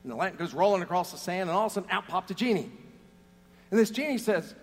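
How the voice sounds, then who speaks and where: A man's voice: high-pitched, lively intonation, fast talker, big-room sound. A man preaching a sermon, telling jokes and stories between scripture readings. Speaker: pastor.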